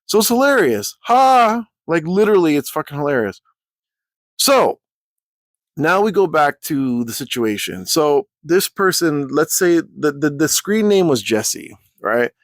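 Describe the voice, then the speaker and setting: A young man hosting a casual storytelling vlog, talking in an animated, profane, rambling way. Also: a little high, a little slow, no room sound, clean studio sound. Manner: animated, profane, rambling, jumps into quoted voices. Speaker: channel host.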